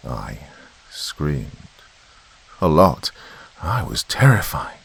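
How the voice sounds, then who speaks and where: Very deep gravelly male horror narrator. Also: lively intonation, takes it slowly, pauses often.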